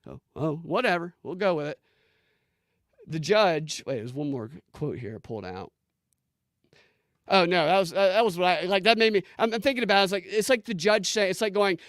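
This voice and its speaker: An incredulous man hosts a casual commentary show, his voice a touch higher than most men's. He speaks in animated bursts, restarting phrases as he reads posts aloud. The sound is dry and close to the microphone. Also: a little fast, no room sound. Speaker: political commentary show host.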